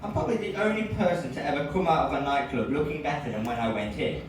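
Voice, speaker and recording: An English man performing a lively stand-up set, telling stories and now and then bursting into loud cries. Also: a little high, fast talker. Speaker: stand-up comedian. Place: comedy club with audience. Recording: echoey room from far off, audible noise.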